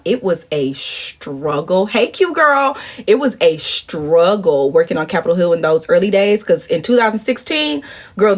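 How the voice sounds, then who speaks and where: A young woman from St. Louis talks straight into her phone on a livestream. She tells her story casually and profanely and keeps calling her viewers y'all and girl. Her husky voice swings widely up and down in pitch. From St. Louis, USA. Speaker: livestream host. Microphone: phone at arm's length.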